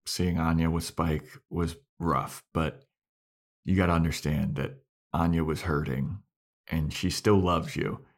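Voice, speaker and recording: Deep-voiced man recapping an episode. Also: vocal fry. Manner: retells scenes by acting out characters' lines. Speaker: podcast co-host. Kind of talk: casual chat recapping a TV episode.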